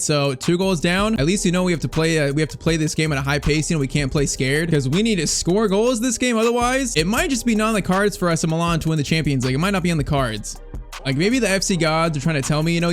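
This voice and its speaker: A young man hosting a gaming channel, commenting on a football video game with swings from tense muttering to yelling, often saying "bro". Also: fairly high pitch. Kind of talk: excited gameplay commentary.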